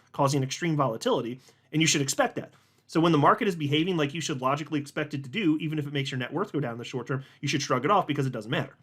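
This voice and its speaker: A man's voice: a little high, fairly bright tone. A man hosting a casual market commentary, reading posts aloud and talking bluntly and emphatically with frequent fillers. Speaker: host of a crypto market channel.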